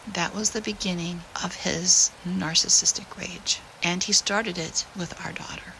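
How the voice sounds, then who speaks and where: A woman tells her own painful story in a low voice with a gravelly texture and a bright edge. She speaks softly and with feeling, and often sinks into a near whisper. A faint hiss of noise sits behind her. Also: fairly even intonation, normal speed, hardly any pauses, low-quality recording. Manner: soft, emotional, often drops to a whisper. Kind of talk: personal story narration.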